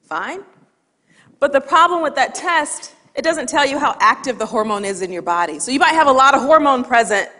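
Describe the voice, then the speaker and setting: A woman giving a humorous storytelling talk on stage, lively and laughing at her own anecdote, into a headset or lapel mic. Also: a little high. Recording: long hall reverb from a stage talk.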